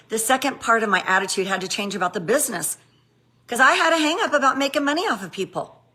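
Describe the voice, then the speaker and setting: A middle-aged woman from the United States giving a motivational training talk, animated and sassy, full of exclamations. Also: medium pitch. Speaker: network marketing trainer.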